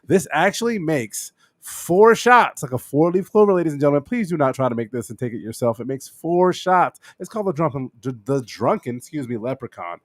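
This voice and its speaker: A man's voice: mid-range voice, fast talker, hardly any pauses, no echo, studio quality. A man co-hosting a casual podcast, joking around and walking listeners through a cocktail recipe. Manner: joking, animated, mixes drink recipe banter. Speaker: podcast co-host. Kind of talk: casual chat.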